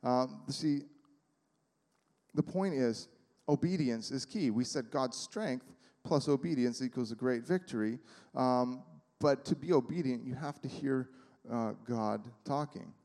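In an echoing church sanctuary, a male pastor delivers a casual, filler-heavy sermon, dramatizing short quotations. His mid-range voice is a little slow with a darkish tone.

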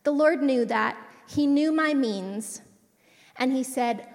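A woman's voice: sits high, slow pace. A woman telling a personal faith testimony from a church stage, chatty and prone to side stories. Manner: chatty, digressive, warm storytelling with asides. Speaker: church speaker sharing a testimony. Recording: long reverb of a large hall.

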